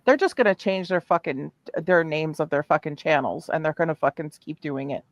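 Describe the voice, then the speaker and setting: A woman's voice: deep voice, a little fast, no room sound, muffled recording. A woman hosting a heated livestream callout, furious and heavily profane.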